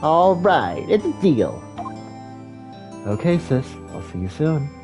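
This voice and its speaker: A man's voice: a little high, sing-song, slow, voice pushed up, heavily acted. A man doing a perky teenage girl, lifting his voice only slightly above his own for her. Her lines come across as light and teasing, with faint game music underneath. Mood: playful. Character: cheerful teenage girl, playful younger sister.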